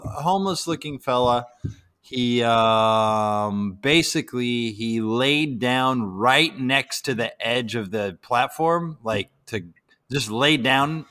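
A man's voice: mid-range voice, slow, a bit bright, clean tone. A man chatting casually over a remote call, telling a joking story and swearing freely. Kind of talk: casual chat. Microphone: remote call from his computer.

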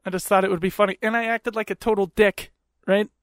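A man hosting a podcast, telling a story in a profane, animated rant into a close mic. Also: high-pitched, fast, no room sound. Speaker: podcast host. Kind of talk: comedic storytelling.

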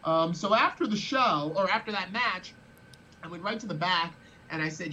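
Bright-voiced man telling a story. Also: high-pitched, normal speed, lo-fi sound, a little hiss or hum. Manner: rambling, repeats words while thinking. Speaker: guest. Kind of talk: casual storytelling.

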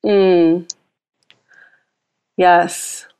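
Reflective mom in podcast chat. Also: female voice, fairly low pitch, level tone, extremely slow, dark tone, clear, resonant tone. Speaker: mother on a parenting podcast. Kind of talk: casual podcast conversation.

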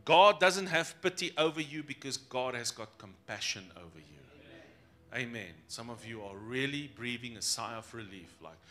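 A man's voice: medium pitch, lively intonation, normal speed, pushed and bright. A man preaching a sermon as pastor, playful and acting out voices of his congregation between points.

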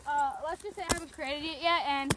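Very high-voiced teen girl, giggly. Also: fairly even intonation, fast, background noise. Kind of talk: casual chat. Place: outdoor trail, walking.

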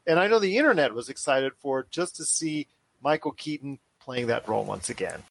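A man's voice: mid-range voice, fairly quick, creaky, slight background noise. Upbeat, rambling male podcast host. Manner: energetic, rambling, enthusiastic. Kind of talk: casual chat.

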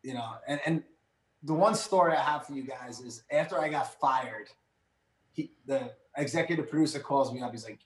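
A man in his thirties telling stories in casual chat, animated and rambling with lots of fillers. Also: medium pitch, moderate pace. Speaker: podcast guest. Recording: echoey room.

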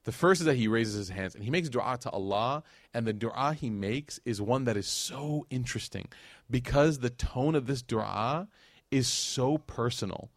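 A man tells a religious story in a relaxed, conversational lecture, breaking off for slangy, animated asides. His voice sits at an ordinary middle pitch. It is recorded dry and close, with no room echo. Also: normal speed. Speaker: Islamic lecturer.

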